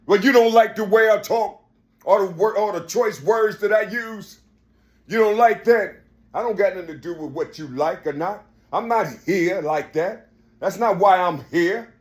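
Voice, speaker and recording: A man delivering an impassioned religious monologue as a preacher, emphatic and repetitive, swinging from raised, shouted lines to a low murmur. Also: normal speed.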